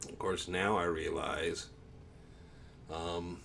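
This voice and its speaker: A man hosting a casual livestream, reading viewer comments in a rambling, easygoing way, a bit low on energy from the heat. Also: fairly even intonation, slow pace, creaky. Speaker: livestream host.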